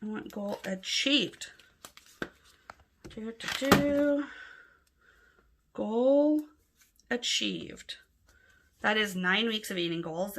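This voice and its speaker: A slight hiss or hum underlies this lowish-voiced woman from Los Angeles, who has an LA accent. In her casual plan-with-me vlog, she fills in her planner while chatting softly, rambling a bit and using fillers.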